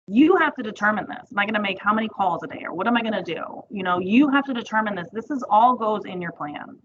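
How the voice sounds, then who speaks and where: A woman's voice: a little high, fairly bright tone. Chatty woman giving a marketing class. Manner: upbeat, chatty, encouraging. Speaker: marketing trainer. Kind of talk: webinar training talk. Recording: muffled audio with background noise.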